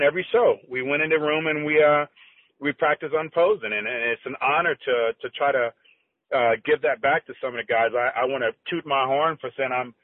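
A middle-aged man, a former competitive bodybuilder, telling stories as a guest with animated, halting speech and acted-out quotes. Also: medium pitch. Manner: animated, halting with restarts, acts out quoted dialogue. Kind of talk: conversational storytelling. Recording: tinny phone-line audio, dry.

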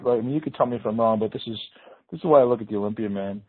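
A male podcast host talks fast and emphatically in a loose, casual way. His voice is a little husky. It comes through thin and phone-like. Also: fairly low pitch. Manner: emphatic, casual, says "man" and "dude" a lot. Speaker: host, bodybuilder. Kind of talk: podcast interview. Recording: tinny phone-line audio.

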